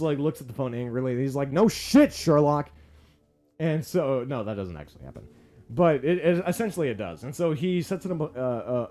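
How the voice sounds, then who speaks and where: A man giving a casual, profane movie review, excitable and full of fillers. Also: medium pitch. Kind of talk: casual spoken film review.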